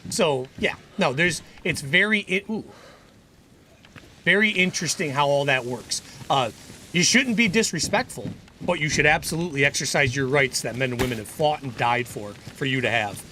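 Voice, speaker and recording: A man's voice: a little high, lively intonation, moderate pace, bright, forceful tone, slight background noise. A man chatting casually on a gaming livestream. He is earnest and opinionated, and he rambles with frequent restarts. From United States.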